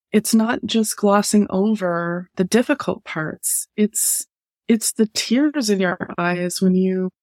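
A woman guest in an interview, giving slow, heartfelt, gentle advice in a coaching tone. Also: medium pitch, no echo, clean studio sound. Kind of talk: reflective interview answer.

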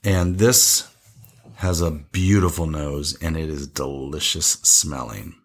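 A man's voice: extremely low pitch, slow pace. A man co-hosting a casual wine tasting show, chatty and rambling, laughing often.

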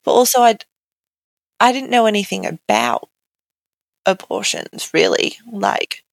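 A woman's voice: medium pitch, unhurried, vocal fry, no room sound. A young woman as an interview guest, telling her own story candidly and conversationally, with many "like" fillers. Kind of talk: personal account in an interview.

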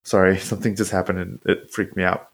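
Animated, swearing man recapping a show. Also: quick pace. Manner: animated, profane, acts out quotes in high voices. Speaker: podcast co-host. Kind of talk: casual recap chat.

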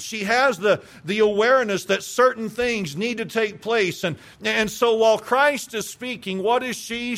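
A man's voice: sits high, fairly bright tone. A male pastor preaching a sermon, emphatic, asking rhetorical questions and repeating phrases for weight.

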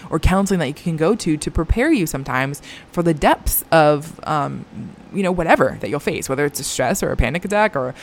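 A woman's voice: low-pitched, lively intonation, brisk, a little hiss or hum. A young woman talking candidly to her viewers as a Christian mom vlogger, earnest and confiding, with lots of filler words. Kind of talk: candid personal talk to camera.

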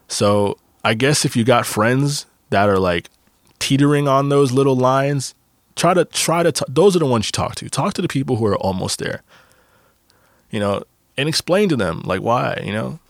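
A young man hosts a podcast in a medium-pitched voice with no room sound. His casual monologue is loose, rambling, and profane, full of fillers and restarts.

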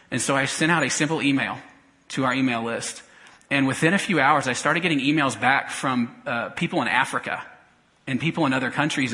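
A man, a pastor, telling a personal story in a sermon, talking conversationally with many restarts and going quiet in emotional parts. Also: medium pitch, rough recording.

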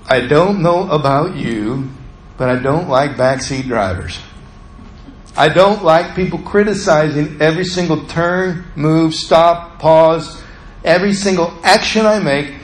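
A man preaching a sermon, telling a personal story with animated swings from hushed to loud. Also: on the high side, echoey room, low-quality recording. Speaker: lay preacher.

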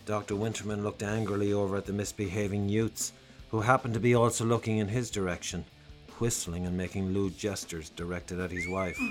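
A man's voice: lowish voice, little pitch movement, a little fast, faint music behind. Wry storyteller man. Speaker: narrator. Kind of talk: storytelling narration.

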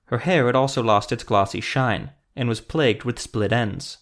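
A man reading fantasy audiobook narration in a steady, even storytelling manner. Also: medium pitch, normal speed, few pauses.

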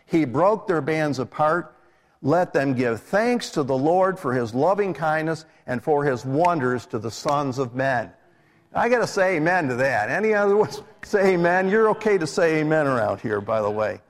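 A middle-aged man, a minister, preaching a live sermon in a church in a conversational way, putting questions to his congregation. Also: on the high side. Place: church sanctuary. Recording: live church recording with long hall reverb.

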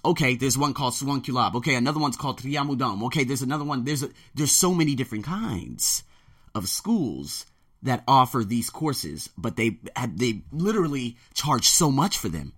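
A man hosting his own vlog and podcast, talking in an excited solo monologue that swings between hushed and loud. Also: mid-range voice, no room sound, clean studio sound. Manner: hyped, fast-shifting energy, swings between hushed and loud. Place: in Thailand.

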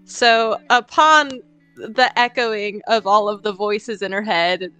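A woman at a tabletop game, describing her character's actions with dramatic flair. Her voice is bright and crisp, with faint music underneath. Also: medium pitch, fairly even intonation, slow pace, rough recording. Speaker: player.

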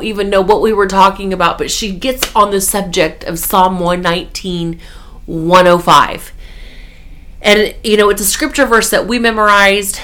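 A woman's voice: medium pitch, a bit bright. A woman hosting a devotional podcast, delivering an earnest, emphatic faith talk.

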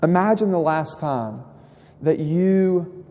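A young man preaching a sermon. He talks in a conversational way, drops to soft asides and then rises into emphasis. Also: a little high, lively intonation, slow. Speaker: pastor. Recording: long hall reverb.

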